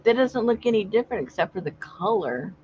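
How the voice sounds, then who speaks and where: A woman's voice: mid-range voice, animated, fairly quick, warm tone, highs cut off, slight background noise. A woman hosting a casual crafting chat, talkative and teasing, laughing often. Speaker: crafting channel host.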